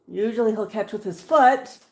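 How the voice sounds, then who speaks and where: A woman's voice: fairly high pitch, normal speed. A woman hosting a livestream with her pet parrots, talking to them in sing-song baby talk and reading out viewer chat. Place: home room with parrots. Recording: roomy room with background noise and bird sounds.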